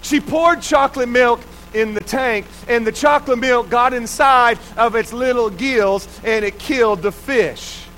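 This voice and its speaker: A man's voice: very high voice, a little slow, few pauses, fairly bright tone, a little hiss or hum, poor audio. A man preaching a sermon, telling a personal story and putting rhetorical questions to the congregation. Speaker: pastor.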